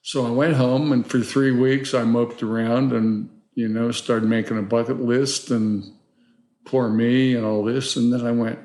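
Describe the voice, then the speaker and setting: A man in his seventies, a filmmaker guest telling his life story in an interview, rambling and animated with many asides. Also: medium pitch, measured pace, echoey room. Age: 70s.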